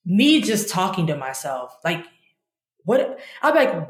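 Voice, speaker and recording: A woman's voice: lowish voice, measured pace, reverberant. A woman in her twenties, a law student guest, telling her story candidly and animatedly in a casual interview. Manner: candid, animated storytelling, talks to herself in quotes.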